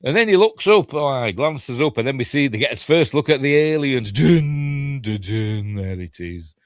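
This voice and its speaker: A man's voice: mid-range voice, lively intonation, fairly quick, no echo, studio quality. A man with a Yorkshire accent giving a casual, rambling watch-along film commentary, thinking aloud and correcting himself as he goes. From Yorkshire, England. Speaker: film reviewer.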